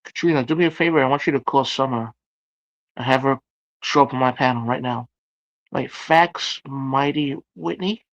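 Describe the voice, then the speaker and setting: A man hosting a livestream, chatting casually as he reads out viewer comments and reacts to them with loud exclamations. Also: mid-range voice, normal speed, no room sound, muffled recording. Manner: exclamatory, reacting aloud to chat. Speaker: livestream host.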